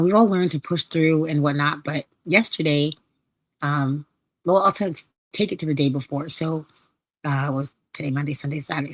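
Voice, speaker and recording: A woman hosts her live podcast in a low, slightly hoarse voice. She chats casually and laughs as she tells stories with playful quoted asides. The close mic gives a dry sound with no room echo. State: hoarse, recovering voice. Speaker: podcast host. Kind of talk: casual live-stream chat.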